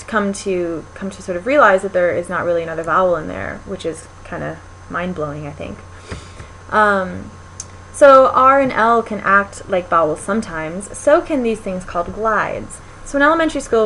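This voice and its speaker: A woman's voice: on the low side, a bit bright, a little hiss or hum, rough recording. A young woman teaching a recorded linguistics lecture, explaining step by step with frequent ums and restarts. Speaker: linguistics instructor.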